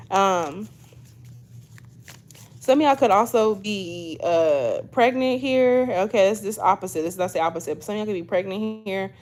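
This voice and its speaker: A woman's voice: medium pitch, darkish tone. A woman doing a casual tarot reading to camera, chatty, often tagging lines with "okay?" and addressing viewers as "y'all". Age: 20s. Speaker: tarot reader.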